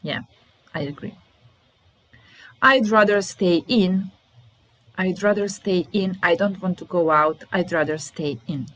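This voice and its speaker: A woman's voice: lowish voice, a little slow, long pauses, fairly bright tone, rough recording. A woman with a Serbian accent teaching an English lesson, repeating example sentences and explaining them. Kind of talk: language lesson.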